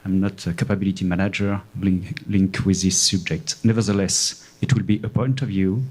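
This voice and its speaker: A man from France with a strong French accent, an army training officer speaking on a conference panel in halting English with many pauses. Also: sits low, fairly even intonation, a little mellow, breathy edge. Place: conference hall.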